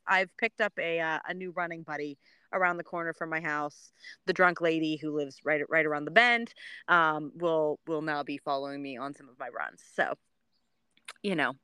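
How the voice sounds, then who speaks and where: A woman co-hosting a podcast, telling a story in casual chat, swearing freely and acting out quotes in a high voice. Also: normal speed, sharp tone, clean tone, no room sound. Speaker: podcast co-host.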